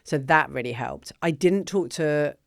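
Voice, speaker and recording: A middle-aged woman, telling her story as a guest in a casual interview in an animated, chatty way. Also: sits low, unhurried, vocal fry, dry recording, clean studio sound. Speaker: guest, business founder.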